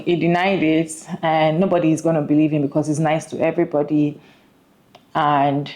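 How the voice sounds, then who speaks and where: A low-voiced woman gives earnest commentary on a story, speaking straight to her viewers. She asks them questions and often restarts her sentences. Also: a little mellow, rough recording. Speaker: host reacting to a clip.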